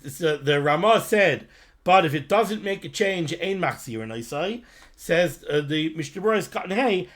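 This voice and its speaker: Man, high voice, torah lesson, lilting study chant, teasing asides. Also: a bit bright. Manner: switches between Hebrew reading and English explanation, with a lilting study chant; teasing, addresses listeners directly. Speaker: Torah teacher. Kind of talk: Talmudic-style study lesson.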